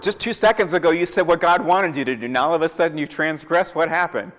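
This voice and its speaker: A man's voice: a little high, fast, hardly any pauses, a bit bright. A man teaching a Bible lesson in a church, acting out the lines of biblical characters as he tells the story. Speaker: Torah teacher. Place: church sanctuary. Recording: echoey hall with long reverb.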